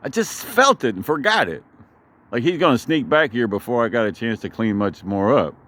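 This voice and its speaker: A man's voice: medium pitch, animated, moderate pace, fairly bright tone. A man rambling through a profane, digressive story in a casual vlog, recorded outdoors in his backyard.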